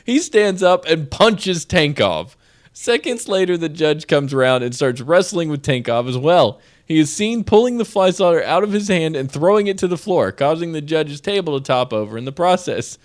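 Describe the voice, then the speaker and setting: A man's voice: a little high, expressive, normal speed. A man co-hosting a casual streamed show, chatting and reading odd news stories aloud, often laughing as he goes. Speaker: co-host.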